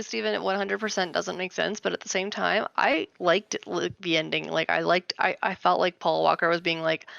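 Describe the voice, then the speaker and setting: A woman co-hosting a casual movie podcast, chatty and quick to laugh. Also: on the low side, level tone, gravelly, a bit bright, dry recording, dull audio. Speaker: podcast co-host.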